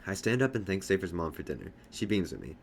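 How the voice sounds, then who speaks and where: Male audiobook reader, low voice, straightforward first-person narration. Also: sing-song, fast, a little hiss or hum. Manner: plain first-person storytelling. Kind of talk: reading a novel aloud.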